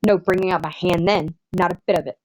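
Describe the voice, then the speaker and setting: A woman's voice: lowish voice, fairly even intonation, fast talker, darkish tone, close to an everyday voice, poor audio. A woman with a Southern US accent voicing a pompous, self-satisfied older man who lectures at the dinner table. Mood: pompous lecturing.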